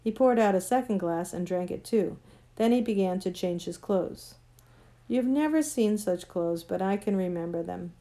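A woman reads a children's storybook aloud as narrator, steady and gentle in her storytelling. Her voice is warm and mellow, never sharp or bright. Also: medium pitch, normal speed. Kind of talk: audiobook narration.

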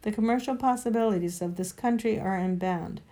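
A woman's voice: medium pitch, brisk, dark tone, close to an everyday voice. A woman reading aloud, voicing a greedy, pompous old uncle of sixty in a storybook. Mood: gloating. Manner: blustering, gloating.

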